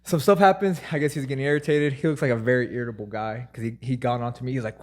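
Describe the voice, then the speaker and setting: A man's voice: mid-range voice, animated, quick pace, hardly any pauses, darkish tone. A young man co-hosting a podcast, telling a rambling family story and acting out the quotes. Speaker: podcast co-host. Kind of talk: casual chat.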